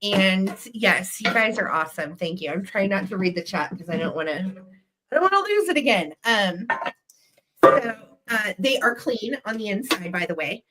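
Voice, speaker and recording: Speaking at a moderate pace in a medium pitch, this woman runs a live vintage sale online, gushing over each piece and chatting directly with her audience. The recording is very noisy.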